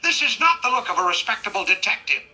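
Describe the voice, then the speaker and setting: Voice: medium pitch, big pitch swings, fast talker, crowd noise, lightly acted, low-quality recording. A synthetic voice playing a proud middle-aged male cartoon detective who complains in a huffy, exasperated way. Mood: indignant. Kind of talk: AI character chat role-play.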